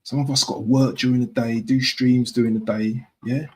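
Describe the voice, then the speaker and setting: A man chatting on a live stream at an everyday mid pitch. He rambles and restarts, checks in with his viewers with "yeah?", and keeps the tone loose and unscripted. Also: little pitch movement, normal speed, slight background noise, low-quality recording. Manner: chatty, repeats himself, keeps asking "yeah?". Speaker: football fan streamer. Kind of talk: casual live-stream chat.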